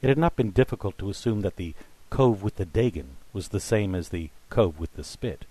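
A man reading a story aloud in steady, measured scripted narration. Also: fairly low pitch, no room sound. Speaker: audiobook narrator.

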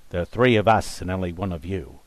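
A man voicing a menacing male grave-robber leader who talks in rough thieves' slang. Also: low-pitched, fast talker, no room sound, close to an everyday voice.

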